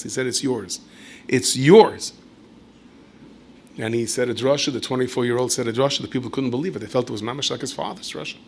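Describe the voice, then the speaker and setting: A man, a rabbi, giving a storytelling Torah lecture in a conversational way with asides and self-corrections, and he jumps up in pitch and volume when acting out quotes. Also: creaky, slight background noise. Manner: animated storyteller who leaps high and loud when acting out quoted speech.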